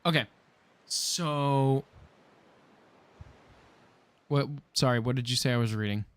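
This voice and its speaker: A man's voice: mid-range voice, slow, fairly bright tone, clear, resonant tone. A man narrating as dungeon master in a casual, joking way, often correcting himself. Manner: casual, laughing, self-correcting. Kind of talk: narrating a tabletop game.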